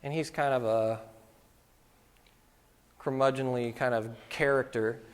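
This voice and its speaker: A middle-aged man's clear, resonant, mid-range voice moves a little slowly with fairly even intonation. He shares anecdotes casually with photography students in their school's lecture hall, acting out quotes, and the room's long reverb is audible.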